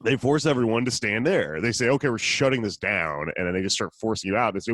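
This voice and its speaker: A man's voice: on the low side, fast, hardly any pauses, a bit bright, dry recording, studio quality. A man hosting a casual podcast, telling a story in a profane, sardonic way. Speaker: podcast host.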